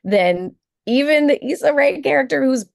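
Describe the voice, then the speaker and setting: A woman's voice: high voice, lively intonation, normal speed, vocal fry, no echo, studio quality. A woman from rural Texas, chatting thoughtfully as a podcast guest and often quoting people. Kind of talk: casual chat.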